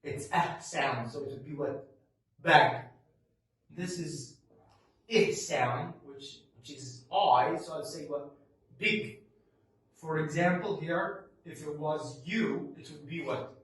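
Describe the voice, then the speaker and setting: A man's voice: a little high, a little slow, very echoey, distant mic, poor audio. A man with an Egyptian Arabic accent and Arabic as his first language, teaching English pronunciation. He stretches out his model words with emphasis, then asks and answers his own questions. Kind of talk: pronunciation lesson.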